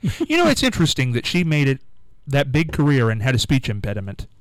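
A man's voice: mid-range voice, wildly swooping pitch, a little fast, dry recording, low-quality recording. A man hosting a live radio show, chatting casually and teasing his co-host. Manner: joking, teasing banter.

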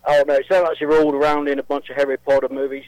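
A man's voice: sits high, normal speed, no room sound. A man calling into a radio show, putting on a jokey mock British accent as a pub-going Cockney type. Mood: cheeky. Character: cheeky male Cockney-style pub regular. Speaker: caller. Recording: phone line.

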